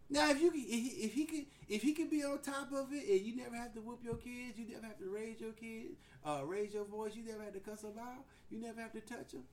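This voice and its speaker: A man's voice: very high voice, fast talker, few pauses, slight background noise. A man in his forties hosting a podcast in casual chat, telling stories animatedly, acting out quotes and laughing often. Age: 40s. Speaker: podcast host.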